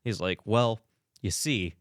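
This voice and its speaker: A man's voice: fairly low pitch, slow, no room sound, studio quality. A man co-hosting a podcast, recapping a reality show in a loose, profane way, with lots of fillers and quoted voices. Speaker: podcast co-host.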